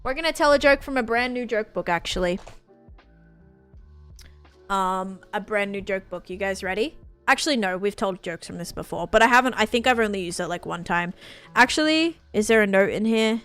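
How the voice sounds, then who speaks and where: A woman talks live to her stream viewers in a casual, chatty way, full of fillers and restarts, with a non-American English accent. Her pitch sits in a middle range. Faint game music plays behind her. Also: lively intonation, moderate pace, a bit bright, clear, resonant tone.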